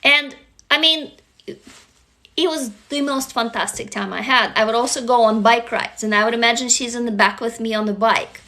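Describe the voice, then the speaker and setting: Excitable woman, high bright voice. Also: a little fast, hardly any pauses. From Russia. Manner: excitable, gushing, swears casually. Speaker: livestream host. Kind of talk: casual livestream chat with viewers.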